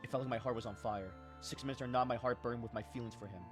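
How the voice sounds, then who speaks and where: A man's voice: medium pitch, steady tone, fast talker, over music. A male streamer reading the game's text aloud with dramatic emphasis and casual asides. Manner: dramatic read-along with asides. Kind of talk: reading game text aloud while playing.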